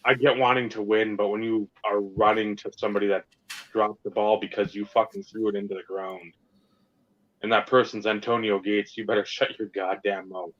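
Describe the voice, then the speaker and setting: A man's voice: lowish voice, little pitch movement, moderate pace, a bit bright. Profane, ranting podcast man. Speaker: podcast co-host. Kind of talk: casual sports and hobby chat. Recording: slightly dull lo-fi sound.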